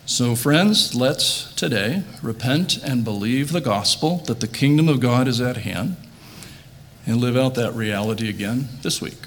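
A man's voice: mid-range voice, expressive, measured pace, slight background noise. Earnest man preaching a sermon. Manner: earnest, builds emphasis on quoted words, restarts phrases. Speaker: pastor. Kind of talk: quiet closing prayer.

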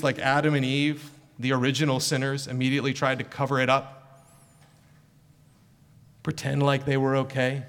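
A middle-aged male pastor preaching an earnest, emphatic sermon full of rhetorical questions. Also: mid-range voice. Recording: long hall reverb.

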